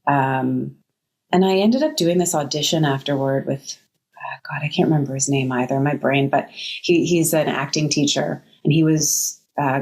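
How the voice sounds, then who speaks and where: Woman, low voice, actress guest, thoughtful, hesitant, casual interview. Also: a little mellow.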